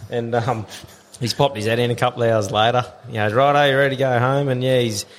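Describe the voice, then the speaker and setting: A man's voice: mid-range voice, fairly even intonation, fast talker, a little hiss or hum. An Australian man telling a story in casual podcast chat, swearing freely and laughing as he goes.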